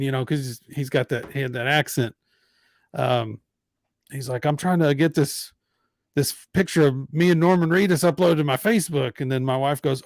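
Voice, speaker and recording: A podcast host with a creaky, mid-range voice speaks at a moderate pace in clean studio sound with no echo. He's an animated storyteller, chatting casually and acting out the people in his story as he quotes them.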